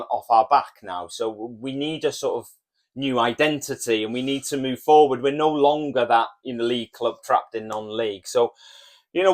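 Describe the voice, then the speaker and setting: A man hosting a podcast, explaining in a measured, steady way. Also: mid-range voice. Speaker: podcast host. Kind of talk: casual podcast chat.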